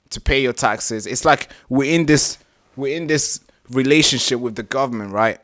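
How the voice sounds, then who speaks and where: A man hosting a live reaction stream, talking casually, animated and exasperated, swearing freely. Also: mid-range voice.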